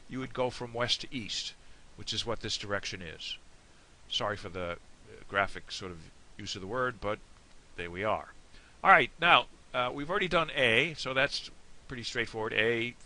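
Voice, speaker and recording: A man's voice: medium pitch, bright, forceful tone. An American man giving a casual, rambling lesson on a toast, with many fillers and self-deprecating asides. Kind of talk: casual screen-share lesson. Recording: faint hiss.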